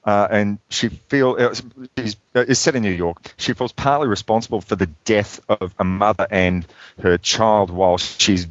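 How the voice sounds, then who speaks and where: A man in casual chat recapping a film plot, halting with restarts and fillers. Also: lowish voice, dry recording. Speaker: podcast co-host discussing films. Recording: dull lo-fi dry recording.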